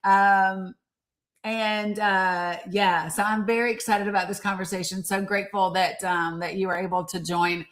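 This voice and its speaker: A woman's voice: mid-range voice, fairly even intonation, normal speed, a bit bright. A woman hosting a casual live stream, bubbly and chatty, greeting viewers by name as she goes.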